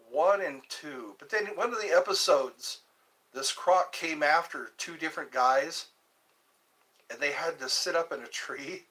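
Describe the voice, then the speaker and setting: A man's voice: fairly high pitch, sharp tone. A man hosting a livestream, chatting casually and jokingly in a rambling way. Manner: jokey, laughs often, breaks into song snippets. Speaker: livestream host.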